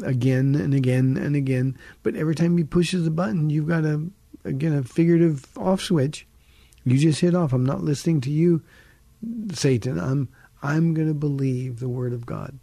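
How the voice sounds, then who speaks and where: A pastor hosting a radio Bible show, his voice gravelly and a little husky, with a dark, mellow tone. He teaches earnestly, leaning on key phrases and repeating them for emphasis, answering listener questions from a studio. The sound is close and dry, with no room around it. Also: medium pitch, dry recording.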